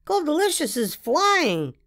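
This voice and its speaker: A woman's voice: high voice, sing-song, measured pace, a bit bright, no echo, studio quality, pitched above the performer's own voice, heavily acted. A woman voicing a boastful young boy who plays wizard and pirate, with a mock-grand, chanting delivery.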